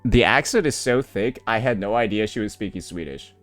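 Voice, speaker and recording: A man's voice: lowish voice, lively intonation, brisk, over loud music. A man making a blunt, profane gaming reaction video, incredulous and repeating "bro" constantly. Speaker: gaming YouTuber.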